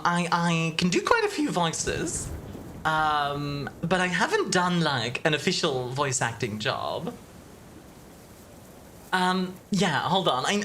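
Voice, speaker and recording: A woman streamer from Belgium with a deeper voice, chatting casually and giggling with her viewers. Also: slight background noise. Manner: giggly, warm toward chat, chatty. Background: background music.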